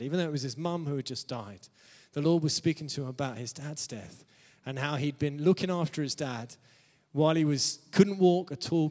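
A man preaching a sermon to a congregation, laughing often between phrases and calling out "amen" to the room. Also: a little high. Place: church. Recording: long reverb of a church hall.

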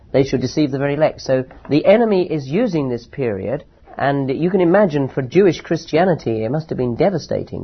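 A man teaching verse by verse from the Bible, reading scripture slowly and then explaining it with emphatic rises. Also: medium pitch, husky. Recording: dull lo-fi recording.

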